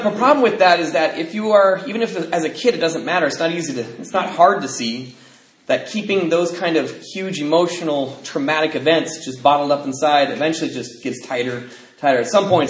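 A man's voice: a little high, roomy sound, poor audio. Man telling a candid life story. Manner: candid storytelling with nervous laughs and fillers. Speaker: speaker sharing a personal testimony. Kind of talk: personal testimony talk.

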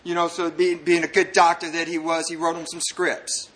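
A man's voice: fairly high pitch, flat delivery, moderate pace, noisy background. A man from El Paso, a recovering addict telling a group his story in an earnest, rambling way, full of repeated "and"s and "man"s. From United States (El Paso, Texas). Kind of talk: personal recovery testimony to a group.

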